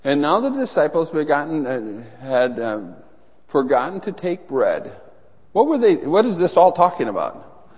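A middle-aged male pastor preaches a sermon in a fairly high voice at a normal pace. He tells stories in an animated way and acts out the voices of people in his anecdotes. A long reverb from the large hall surrounds him.

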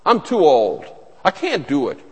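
A weary, reluctant eighty-year-old man, put on by a man mid-sermon pleads that the task is too much for him. His voice sits a little high and swings widely. A long hall reverb trails behind him. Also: huge pitch swings, measured pace, darkish tone, slightly rough, heavily acted. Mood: pleading. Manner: pleading, backing away.

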